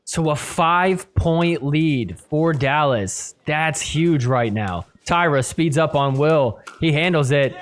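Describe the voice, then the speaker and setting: A man hosting a podcast, recapping a match in play-by-play commentary and getting loud and excited at the big points. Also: fairly high pitch, slow pace, few pauses, slight background noise. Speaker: podcast host.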